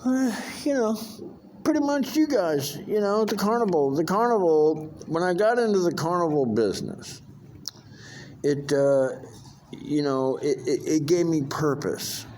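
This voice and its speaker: A man's voice: on the high side, lively intonation, unhurried, darkish tone, slight background noise. An older man talks in a rambling, profane vlog monologue, full of fillers and restarts. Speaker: vlogger.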